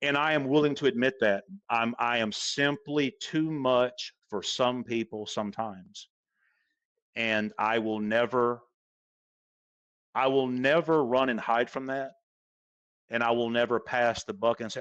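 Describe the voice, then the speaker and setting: Male golf coach guest, forceful repeater, average pitch, dry mic. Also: steady tone, measured pace, clean tone, no echo, highs cut off. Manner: emphatic, repeats points for stress. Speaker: golf instructor, podcast guest. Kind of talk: casual podcast interview.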